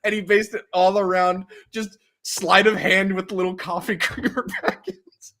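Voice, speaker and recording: A male podcast co-host rambles through stories in casual conversation, breaking into laughter mid-sentence. His voice sits high and bright with a pushed quality, shows little pitch movement, and stays unhurried.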